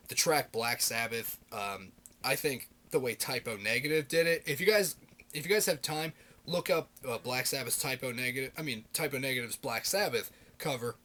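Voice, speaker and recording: A man in his thirties rambling excitedly in a casual video blog, swearing constantly and piling up fillers. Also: medium pitch, brisk. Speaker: video blogger.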